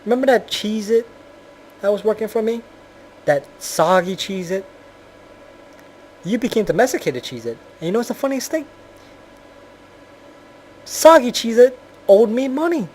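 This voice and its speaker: A man playing a smug cheese slice boss who calmly leans on a debtor. His delivery is menacing and self-satisfied, with faint noise underneath. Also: high-pitched, normal speed, pauses often, voice pushed up.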